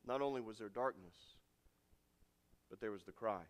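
A man preaching a sermon with dramatic swings from loud, emphatic lines to hushed endings. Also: fairly low pitch, normal speed. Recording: long reverb of a large hall.

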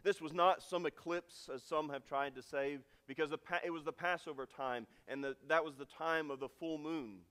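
A man preaching a sermon with dramatic swings from loud, emphatic lines to hushed endings. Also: on the high side, steady tone, moderate pace, few pauses, smooth. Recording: long reverb of a large hall.

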